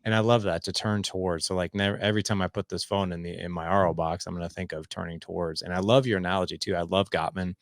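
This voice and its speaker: Gravelly low-voiced man telling a story. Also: quick pace, few pauses, dry recording, clean studio sound. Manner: animated, acts out quotes, many restarts. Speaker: podcast guest. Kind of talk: casual storytelling.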